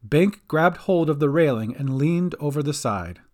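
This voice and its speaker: A man giving scripted narration of a fantasy audio story, expressive and doing all the voices himself. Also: on the high side, normal speed.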